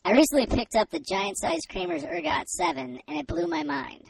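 A man voicing a male puppet who reads out fan mail in a high, put-on voice. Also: a little fast, gravelly, distant mic, a little hiss or hum, full character voice, low-quality recording. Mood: earnest.

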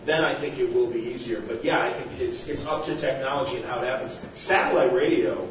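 A man's voice: mid-range voice, fairly quick, muffled recording, noisy background. A man on a podcast panel, giving a thoughtful, rambling answer. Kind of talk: panel discussion. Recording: distant roomy hall mic.

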